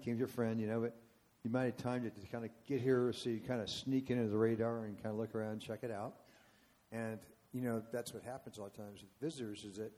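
A man's voice: mid-range voice, a little mellow. A man in his seventies, a worship leader speaking to a church congregation, telling a long story with casual asides. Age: 70s. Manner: rambling and conversational, asides to the congregation. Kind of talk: storytelling sermon.

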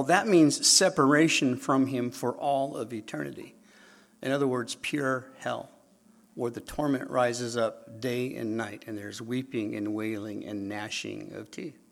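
Gravelly man preaching, loud then hushed. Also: medium pitch. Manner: swings from loud emphatic lines to hushed, near-whispered asides. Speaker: pastor. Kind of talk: sermon.

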